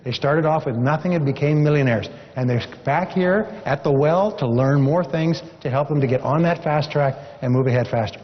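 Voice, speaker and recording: A man delivers a motivational seminar speech in a fairly high, emphatic voice, repeating lines for effect as he tells a story. His voice carries a long reverb through a large hall. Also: normal speed, few pauses, highs cut off. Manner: emphatic, repetitive, encouraging. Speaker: seminar speaker.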